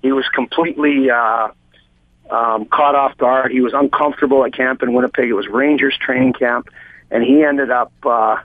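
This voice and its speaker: A man's voice: medium pitch, fairly even intonation, normal speed. A man on a phone interview, telling a long, heartfelt personal story in a rambling way with many restarts. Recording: tinny dry phone line.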